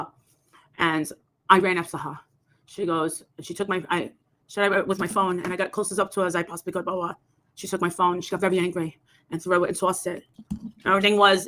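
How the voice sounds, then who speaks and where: A woman's voice: lowish voice, fairly bright tone. A woman telling a long story in a rambling, casual way, acting out the voices of the people in it. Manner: rambling, acts out quoted voices. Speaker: livestream host telling a story.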